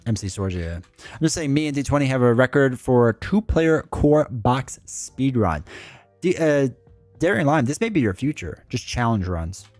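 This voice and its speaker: A male streamer of average pitch talks casually through a live broadcast, reading chat messages and answering them in a loose, rambling way. His voice sounds dry and close to the mic. Faint music plays behind him. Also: sing-song, normal speed, a little mellow, no echo. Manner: chatty, reads and answers chat, rambling asides.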